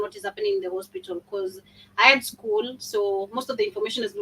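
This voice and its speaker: A woman's voice: a little high, sharp tone. A woman sharing a personal memory in casual chat, with hesitant restarts. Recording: distant mic with faint hum.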